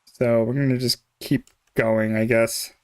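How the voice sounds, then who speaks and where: A man's voice: medium pitch, little pitch movement, a little slow, clean tone, no room sound, studio quality. A young man chatting casually on a game live stream, rambling, chuckling often and trailing off mid-thought. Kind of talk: casual live-stream chat while playing.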